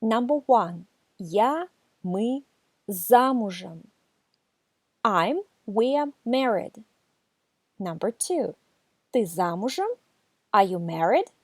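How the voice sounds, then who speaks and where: Slow, lively-voiced woman teaching language. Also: medium pitch, no echo. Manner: reads numbered examples slowly, Russian words carefully spoken. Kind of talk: scripted language lesson.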